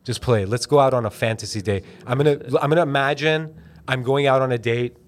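A young man hosting a casual comedy podcast, retelling a movie in a rambling, animated way and slipping into silly voices. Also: mid-range voice, fast. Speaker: podcast host.

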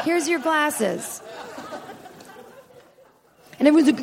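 A middle-aged woman with a high voice tells stories on a comedy stage. She rambles through asides and swears freely as she talks. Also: fairly quick, a faint crowd. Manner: chatty, profane, rambling asides. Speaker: stand-up comedian and podcast host. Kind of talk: live comedy storytelling. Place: stage in a small comedy venue.

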